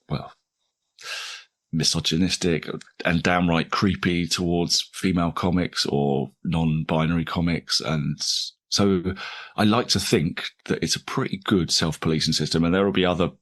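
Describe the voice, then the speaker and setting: A man's voice: sits low, fairly even intonation, unhurried. A man in his forties, a comedian talking casually in an interview, rambling and self-deprecating with frequent restarts and laughs. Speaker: comedian guest.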